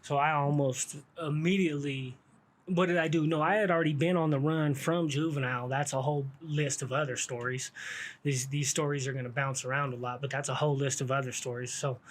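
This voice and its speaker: A man's voice: on the high side, fairly even intonation, brisk. A middle-aged man telling a rambling story about his past, full of street slang and restarts. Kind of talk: casual storytelling.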